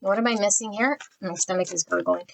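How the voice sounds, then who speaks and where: In a low-quality recording with slight background noise, a tarot reader does a general pick-a-card reading. Her mid-range, gravelly voice moves a little fast as she speaks bluntly in spiritual terms, channels energy, and names each card as she draws it.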